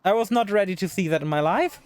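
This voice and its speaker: A woman's voice: medium pitch, animated, fast, darkish tone. A woman streaming live gameplay, talking to the game's characters in exasperation and swearing freely. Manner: exasperated, talks to the game characters.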